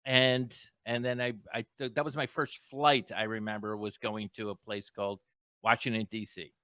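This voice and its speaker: A man's voice: lowish voice, flat delivery, normal speed, pushed and bright, no echo. A male comedian rambling through a self-mocking story during a casual chat over a video call. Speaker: guest comedian.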